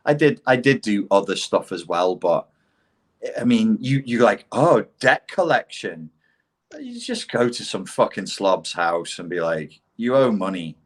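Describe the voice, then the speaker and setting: A man's voice: on the low side, unhurried. A middle-aged man with a posh English accent, telling blunt, profane stories as a podcast guest. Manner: blunt and profane, animated storytelling. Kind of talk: casual conversation.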